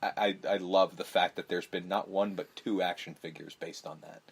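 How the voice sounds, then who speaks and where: A man with a deep, breathy voice edged with vocal fry hosts a podcast at normal speed. He casually recaps a horror movie, swearing a lot and animatedly acting out its lines.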